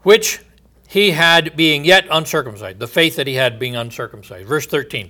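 A man teaching from the Bible in a sermon, reading verses aloud with emphasis and pausing with many fillers. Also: on the high side, animated, pushed and bright.

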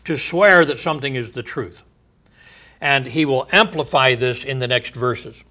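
A man teaching from the Bible in a sermon, reading verses aloud with emphasis and pausing with many fillers. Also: medium pitch, sharp tone.

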